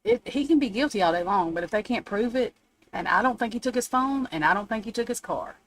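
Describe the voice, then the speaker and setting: A woman's voice: a little high, lively intonation, fast talker, low-quality recording. A woman hosting a live stream, ranting bluntly and swearing, upset after crying. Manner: indignant, blunt, swears freely. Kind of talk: unscripted live stream rant. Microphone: phone or webcam, off camera.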